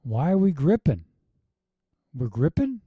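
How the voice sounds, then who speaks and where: A man reviews a yoga class video, firing off exasperated rhetorical questions and quick asides. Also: fairly high pitch, sing-song, slightly rough, dry recording, phone-quality sound. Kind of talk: casual critique with commentary.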